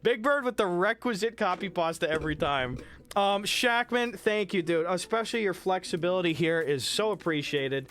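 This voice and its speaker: A man's voice: sits high, animated, normal speed, a bit bright. A man chatting casually on a live stream while sick, reading chat, thanking viewers by name and swearing freely.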